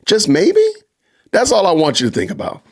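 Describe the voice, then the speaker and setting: A middle-aged man, hosting a casual livestream podcast and talking straight to his live chat in an animated, joking way. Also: sits high, normal speed, slightly rough. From Georgia, US. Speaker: podcast host.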